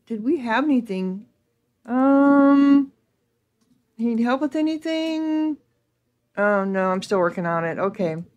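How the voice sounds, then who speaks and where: A woman playing a video game and reading its text aloud, thinking out loud casually with hums and ums. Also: fairly high pitch, lively intonation, slow pace, long pauses, lo-fi sound. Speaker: gaming video creator.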